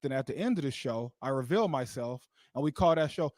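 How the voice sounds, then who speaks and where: A man's voice: mid-range voice, animated, a little fast, darkish tone, dry recording. A man performing a live stand-up comedy set into a stage mic, rambling with lots of "like" and laughing at his own jokes. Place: live comedy show venue.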